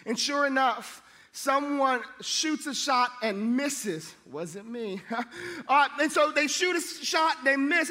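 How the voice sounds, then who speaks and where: A man's voice: very high voice, in a large hall. A middle-aged man preaching a sermon, telling funny stories and acting out the people in them. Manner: animated, jokey, acts out voices. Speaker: pastor. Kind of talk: sermon with storytelling.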